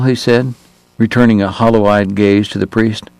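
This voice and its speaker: A man reading a novel aloud in steady, measured narration. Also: fairly low pitch, no room sound, low-quality recording. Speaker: audiobook narrator. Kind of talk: scripted narration.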